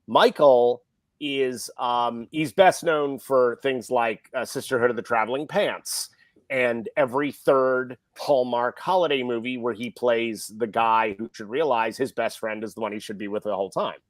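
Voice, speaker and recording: This podcast guest is a middle-aged film director who speaks at a moderate pace in a medium-pitched voice, with no room sound. Telling his story casually, he gets animated and acts out everyone he quotes.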